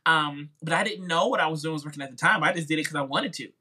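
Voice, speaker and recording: A man's voice: fairly high pitch, quick pace, bright, forceful tone, slightly rough. A man with a Midwestern twang, a music YouTuber chatting informally as a podcast guest and telling his story with lots of "like" and "you know". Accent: Midwestern American. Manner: chatty, informal, acts out quoted voices. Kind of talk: casual interview storytelling.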